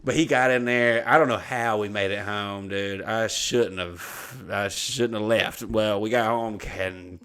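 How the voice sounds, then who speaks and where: A man tells a rowdy, profane podcast story, swearing freely and breaking into laughter. His voice is fairly low and smooth, moving at a measured pace with hardly any pauses.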